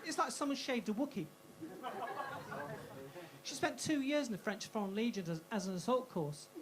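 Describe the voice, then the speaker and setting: A woman's voice: fairly high pitch, expressive, normal speed, a loud crowd, very noisy. Brash woman doing stand-up. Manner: brash, punchy, self-mocking. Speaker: stand-up comedian. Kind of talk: stand-up comedy set. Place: comedy club stage.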